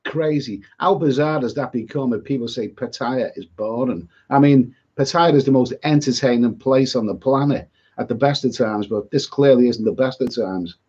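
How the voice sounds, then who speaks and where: Husky man chatting on a lo-fi stream. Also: mid-range voice, normal speed, dark tone. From Britain. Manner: chatty, rambling, repeats his words, stumbles and restarts. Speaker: travel vlogger hosting a live chat. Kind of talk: live-stream chat, reading viewer comments.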